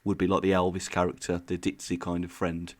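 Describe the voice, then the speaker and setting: A man's voice: low-pitched, completely flat delivery, brisk. A man co-hosting a podcast in casual chat, rambling through his explanations with frequent laughs. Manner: rambling, eager explainer who laughs often. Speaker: podcast co-host.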